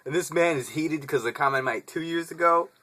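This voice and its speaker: Young guy ranting on his vlog, bright voice, swears a lot, laughs, says dude constantly. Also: on the high side, brisk, a little hiss or hum. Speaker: vlogger. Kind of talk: casual rant to camera.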